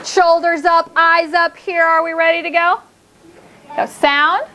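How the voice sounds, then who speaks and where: A woman teaching a phonics lesson to a small group of children, upbeat and encouraging, stretching out words slowly to model them. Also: extremely high pitch, little pitch movement, pushed and bright, slight background noise.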